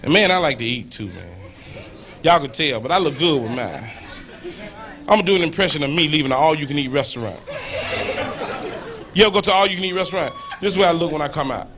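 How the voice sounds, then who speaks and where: A man performing a stand-up comedy set on a club stage, shouting his punchlines and acting out the people in his stories. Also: on the high side, animated, quick pace, pauses often. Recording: live club recording, loud crowd and noise. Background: loud audience laughter.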